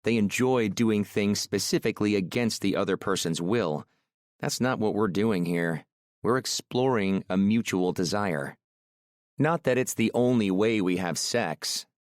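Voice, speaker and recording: Low calm man narrating romance. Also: a little slow, no room sound, clean studio sound. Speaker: audiobook narrator. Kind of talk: first-person romance audiobook narration.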